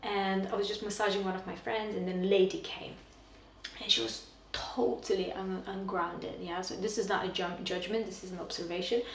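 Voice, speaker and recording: Animated woman, echoey room. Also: medium pitch, brisk, slight background noise. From Romania. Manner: animated storyteller, heavy use of "like" and "you know". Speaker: podcast guest. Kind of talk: casual conversation. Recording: echoey room, mic at a distance.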